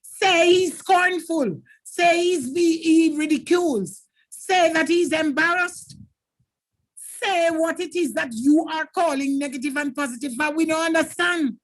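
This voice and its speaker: A woman's voice: very high-pitched, unhurried. A woman from Jamaica with a Jamaican accent, teaching an exam preparation lesson and talking straight to her students in an emphatic, instructive way.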